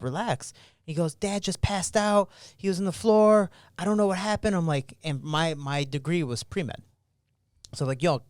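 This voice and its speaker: Smooth-voiced man telling stories casually. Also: mid-range voice, dry recording, clean studio sound. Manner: animated, acts out remembered dialogue; casual, slangy. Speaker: podcast guest, pro fighter. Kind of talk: storytelling in a podcast interview.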